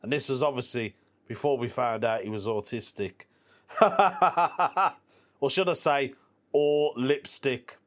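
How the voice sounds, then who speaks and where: Male podcast host, mid pitch, casual chatty storyteller with slang. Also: slow, a bit bright. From England. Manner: chatty storyteller, laughs at his own jokes; informal slang like "proper" and "mate". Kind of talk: casual solo podcast chat.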